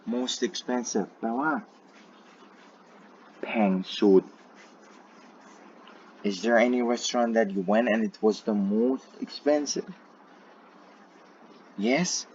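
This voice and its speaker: A man's voice: mid-range voice, a little slow, long pauses, a little mellow, muffled recording, slight background noise. A man teaching an English grammar lesson to his students in a self-recorded video, repeating each point and checking in with "right?".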